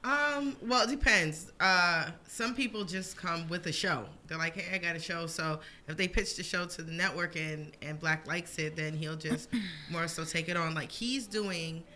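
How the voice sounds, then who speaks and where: A woman's voice: fairly low pitch, unhurried, sharp tone. A woman who hosts her own radio show, chatting as a podcast guest in a loose, rambling way with lots of fillers. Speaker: radio show host and creator. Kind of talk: casual podcast guest chat.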